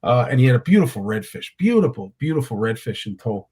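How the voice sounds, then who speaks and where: Very animated and fast, a middle-aged Canadian man's husky, slightly mellow mid-range voice carries his fishing talk show. He tells rambling anecdotes in casual chat, frequently restarting.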